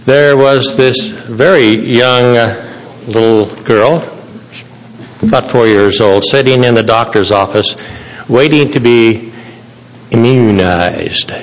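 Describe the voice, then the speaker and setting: A man, a state representative, telling a short anecdote during floor debate in a legislative chamber, slow and deliberate with long pauses. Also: mid-range voice, poor audio.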